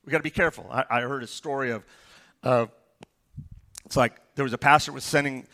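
A pastor giving a sermon, reading scripture verses aloud and explaining them with stories and asides. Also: male voice, medium pitch, fairly even intonation, brisk, pushed and bright.

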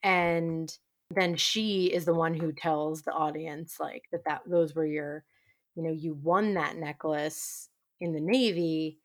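A woman co-host chats loosely about a sitcom episode in a slightly low voice. She giggles through her sentences and keeps the tone relaxed and conversational. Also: takes it slowly. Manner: giggly, laughs often while talking. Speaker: podcast co-host. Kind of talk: casual chat recapping a TV show.

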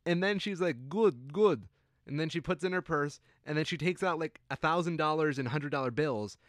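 A man's voice: fairly high pitch, a little fast, a bit bright, no room sound, clean studio sound. Wry young man telling a story on a podcast. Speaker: podcast co-host. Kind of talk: casual podcast chat.

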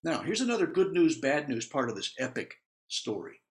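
A man's voice: on the high side, normal speed. A man teaching through a Bible passage in a conversational way, with asides, laughs and acted-out quotes. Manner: animated, acts out quotes.

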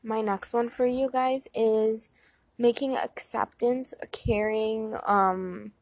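A woman's voice: a little high, steady tone, takes it slowly, a little mellow. A young woman giving relationship advice in a casual, earnest way to her viewers, with lots of filler words. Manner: chatty, earnest, many "like" fillers. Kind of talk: casual talk to camera.

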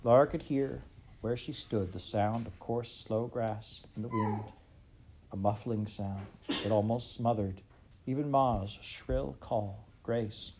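A man reading a storybook aloud in an expressive, dramatic way. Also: on the low side, takes it slowly, noisy background. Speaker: reader.

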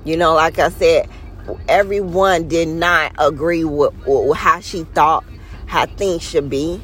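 This podcast host's low voice stays fairly even in intonation as she gives her listeners a heartfelt, casual pep talk. She dwells on key words and lengthens them, coming across as sincere and somewhat preachy. She never speeds up from her slow, deliberate pace.

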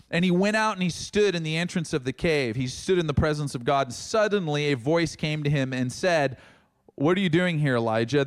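A man preaching a sermon as pastor, reading scripture and acting out dialogue with animated emphasis. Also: a little high.

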